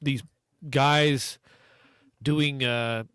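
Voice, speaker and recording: A man's voice: mid-range voice, steady tone, extremely slow, a bit bright, clean tone, no echo. A man hosting a podcast who asks hesitant, rambling questions in casual chat. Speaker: host.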